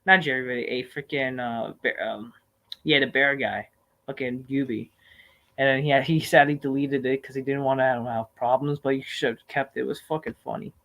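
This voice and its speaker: A man hosting a live stream, answering viewer questions in a rambling, profane, animated rant with sudden loud outbursts. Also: mid-range voice, normal speed.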